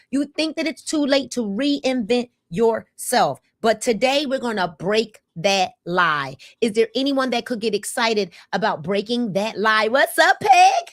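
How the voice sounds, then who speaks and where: Woman in her 50s on a live stream, kinda high voice, hyping up viewers, repeats herself a lot. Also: no echo, studio quality. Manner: energetic, repetitive calls to comment. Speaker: livestream host. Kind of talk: casual livestream talk to viewers.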